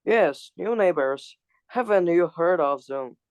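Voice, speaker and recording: A man's voice: on the high side, lively intonation, smooth, no room sound. A man studying English, reading a practice dialogue aloud and stumbling over words with fillers. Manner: hesitant, halting with fillers. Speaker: English student.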